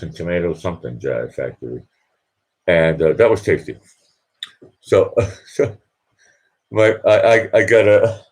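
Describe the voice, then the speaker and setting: A middle-aged man from Boston, hosting a casual live stream, talks in a low, husky voice that's a little mellow. He rambles with wide pitch swings, often repeating words and starting sentences again.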